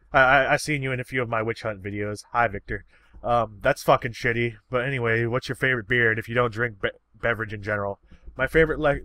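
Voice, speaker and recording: A man's voice: mid-range voice, bright, forceful tone, no room sound. A man casually answering viewer questions, rambling and swearing freely in an easygoing, unpolished way. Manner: rambling and profane. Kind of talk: casual chat.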